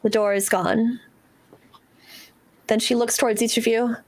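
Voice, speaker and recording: A woman's voice: fairly high pitch, flat delivery, a little slow. A woman narrating as game master of a tabletop game, laughing often and swearing casually.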